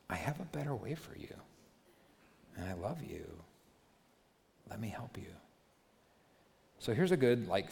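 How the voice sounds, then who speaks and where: Pastor guy preaching, voice jumps all over, big echoey hall sound. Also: lowish voice. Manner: animated, swings from hushed to loud. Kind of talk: sermon. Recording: long hall reverb.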